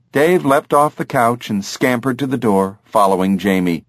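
A man's voice: mid-range voice, animated, normal speed, hardly any pauses, no room sound, clean studio sound. A man reading an audiobook in a scripted narration style.

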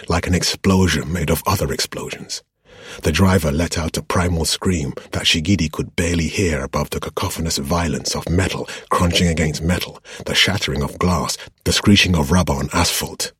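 Extremely deep husky male narrator. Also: dry recording, clean studio sound. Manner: steady, measured storytelling. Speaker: audiobook narrator. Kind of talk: scripted fantasy narration.

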